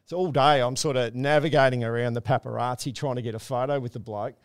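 A smooth-voiced Australian man hosts a podcast in a relaxed, chatty way. He sounds close to the mic in a dry room. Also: mid-range voice, fast, no echo. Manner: chatty storyteller, relaxed banter. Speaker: podcast host. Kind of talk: casual chat.

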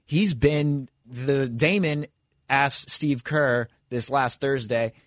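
A man's voice: mid-range voice, slow pace, dry recording, studio quality. A man co-hosting a sports radio show, talking loosely about basketball with frequent restarts. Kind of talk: casual sports radio chat.

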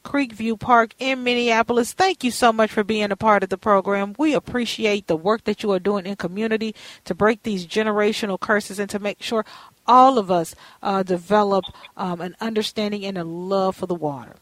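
A woman's voice: mid-range voice, steady tone, moderate pace, dry recording. A woman hosting a casual radio talk show, sassy and chatty, calling her guests honey and girl.

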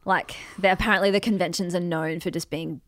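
Gossipy Australian woman, low voice. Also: fairly even intonation, brisk, no echo, studio quality. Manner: laughing, crude, gossipy. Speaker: podcast co-host. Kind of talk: casual comedy chat.

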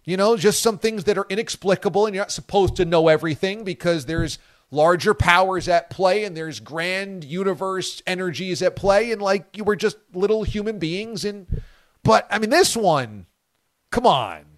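A man hosting a sports talk radio show, animated and incredulous, cracking jokes and reading out listener posts. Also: high-pitched, moderate pace, no echo, studio quality.

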